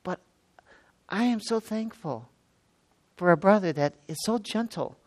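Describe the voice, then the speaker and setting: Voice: mid-range voice, expressive, measured pace, darkish tone, no room sound. A preacher in their sixties delivering a sermon, stressing and repeating key words with frequent exclamations. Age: 60s.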